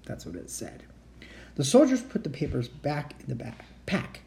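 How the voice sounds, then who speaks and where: Expressive, mellow-voiced storybook reader. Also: mid-range voice, moderate pace, creaky. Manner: expressive, with occasional slips. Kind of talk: reading a children's book aloud.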